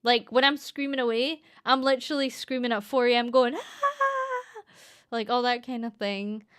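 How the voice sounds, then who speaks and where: A woman's voice: on the high side, steady tone, fairly quick, clear, resonant tone. Chatty Scottish young woman streamer. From Scotland. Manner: rambling and chatty, lots of fillers and giggles. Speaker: streamer and voice actress. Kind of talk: casual storytelling chat.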